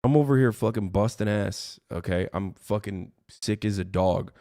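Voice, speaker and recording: A man's voice: on the low side, moderate pace, dark tone, no echo, clean studio sound. A man ranting on his livestream, heated and profane, rambling as he talks to his chat from his streaming room.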